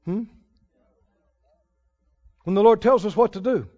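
A man preaching a sermon, swinging from loud declarations to hushed, quiet lines. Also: sits high, measured pace, long reverb tail. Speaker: pastor. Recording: dull lo-fi sermon recording.

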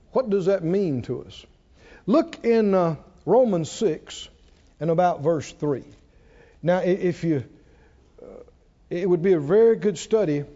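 A man preaching a sermon in a folksy, emphatic way that builds to shouting, recorded with dull lo-fi sound. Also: on the high side.

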